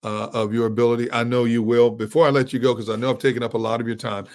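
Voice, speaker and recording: A man's voice: mid-range voice, level tone, quick pace. A man hosting a sports interview show, effusive and enthusiastic with his guest. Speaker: host.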